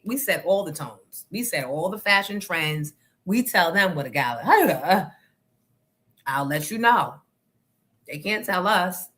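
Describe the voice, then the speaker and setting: Outspoken NJ woman, livestream host, bright and forceful delivery. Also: lowish voice. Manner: outspoken, talks back to the chat. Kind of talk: casual livestream chat.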